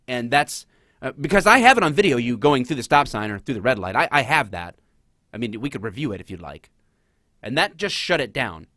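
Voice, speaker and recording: Animated sarcastic male commentator. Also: medium pitch, a little fast, no echo, studio quality. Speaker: host. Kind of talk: casual commentary.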